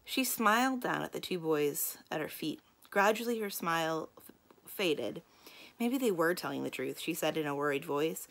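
A woman librarian reading a children's mystery book aloud in a calm, inviting storytelling manner. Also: deep voice, moderate pace.

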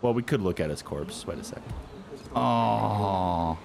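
A young man giving excited let's-play commentary, swearing and exclaiming often. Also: on the low side, slow, gravelly, slight background noise. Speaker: gameplay commentator.

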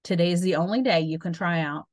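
A woman's voice: fairly low pitch, fairly quick, darkish tone, no room sound, clean studio sound, lightly acted. A woman voicing Louie, a bossy, boastful schoolboy.

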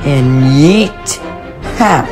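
A man's voice: a little high, expressive, drawn-out words. A man voicing a brash young male tiger hero in a plush puppet show, trash-talking his foes. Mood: rowdy. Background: music.

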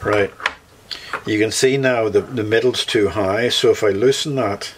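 A man's voice: fairly low pitch, unhurried, a little hiss or hum. A Northern Irish man, a luthier, talking through a guitar repair as he works, thinking aloud and correcting himself mid-sentence. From Northern Ireland. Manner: thinks aloud while working, self-correcting.

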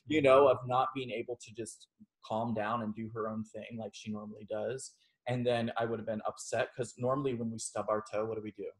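A man preaching a relaxed, conversational sermon to a small class, telling a personal story and laughing often. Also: lowish voice, fairly quick. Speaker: reverend.

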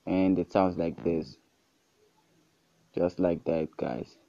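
A man narrating a casual music production tutorial, relaxed and easygoing, often calling out to his viewers and praising each sound. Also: deep voice, slow pace, gravelly, no echo, muffled recording. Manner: relaxed, repeats "guys" and "super cool".

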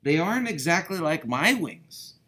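A man putting on a chirpy little storybook bird with a high, sing-song voice that swoops up and down. It sounds bright and cheerful and speaks slowly and sensibly. It chirps its words like a friendly songbird. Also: sing-song, full character voice. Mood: encouraging.

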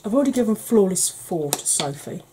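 A woman hosting a beauty channel, chatting casually and rambling softly while she declutters her makeup, with self-deprecating asides. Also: mid-range voice, sing-song, fairly quick, slight background noise, rough recording. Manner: soft, quiet delivery.

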